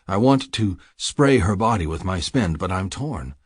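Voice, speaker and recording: A man narrating an audiobook in the first person, reading in a low, intimate, measured way. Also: animated, slightly rough, no room sound, clean studio sound.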